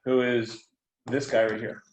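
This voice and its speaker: Echoey animated male storyteller. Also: medium pitch, unhurried. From United States. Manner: animated, informal, profane. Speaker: guest. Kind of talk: casual storytelling.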